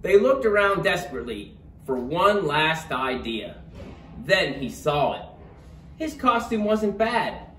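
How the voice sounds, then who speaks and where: A man reading a holiday bedtime story aloud in a slow, expressive manner. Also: on the high side. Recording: roomy, distant, faint room noise.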